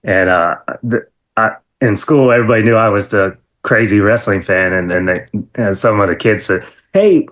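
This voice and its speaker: A man guest in an interview, telling stories in a casual, lively way, laughing often and full of fillers and restarts. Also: moderate pace. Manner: animated, acts out quotes in a high excited voice. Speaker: interview guest, former wrestler.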